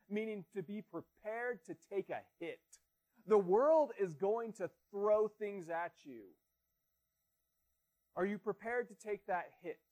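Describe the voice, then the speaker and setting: In a sermon, a pastor in his thirties speaks earnestly and plainly with a notably high voice. He poses rhetorical questions to his listeners.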